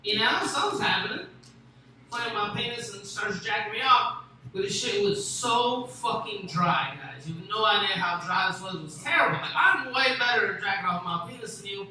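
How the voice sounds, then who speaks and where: A man's voice: high-pitched, animated, normal speed, sharp tone. A young man telling a long, crude, rambling story as a stand-up comedian. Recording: echoey room with faint noise.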